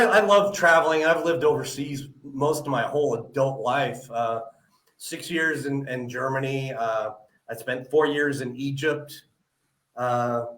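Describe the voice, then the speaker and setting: A man's voice: medium pitch, a bit bright, echoey room, low-quality recording. A man hosting a live podcast interview, friendly and full of "uh" fillers. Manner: friendly, filler-heavy, many "uh"s. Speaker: podcast host.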